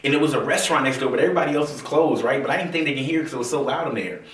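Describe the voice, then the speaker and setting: A man from the American South telling his own story in a casual, animated way, full of fillers and acted-out quotes. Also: mid-range voice, racing. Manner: animated, acts out quoted voices, many fillers. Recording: roomy, from a distance.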